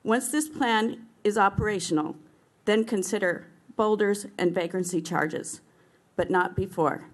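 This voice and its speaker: A woman's voice: medium pitch, measured pace. Firm woman reading a public comment. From Anaheim, California.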